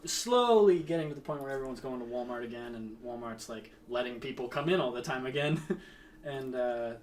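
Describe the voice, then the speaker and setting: A man's voice: mid-range voice, animated, fairly quick, recorded from a distance, slight background noise. A young man chatting casually, joking and laughing in teasing banter. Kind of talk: casual chat.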